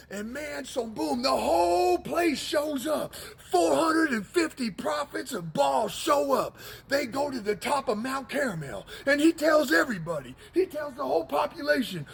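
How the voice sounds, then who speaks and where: A man delivers a casual, slang-filled sermon in a high, gravelly voice. His pitch swings widely as he retells the story, and he breaks into shouts to drive his points home. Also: measured pace, hardly any pauses. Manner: slangy, animated, shouts for emphasis. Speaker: preacher. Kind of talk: casual street-style sermon.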